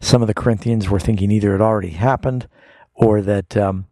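A man's voice: on the low side, fairly even intonation, a little fast, mellow, no room sound. A man hosting a call-in Bible radio show as a pastor, answering callers' questions in a folksy, explanatory way and reading scripture aloud.

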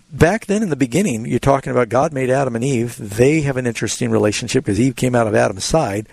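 A man, a pastor hosting a call-in radio show, answering Bible questions in a relaxed, explanatory way. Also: medium pitch, gravelly, dry recording.

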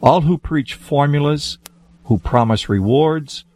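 A man who is a pastor, talking in a measured, emphatic way in a religious discussion. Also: a little high, darkish tone, no echo.

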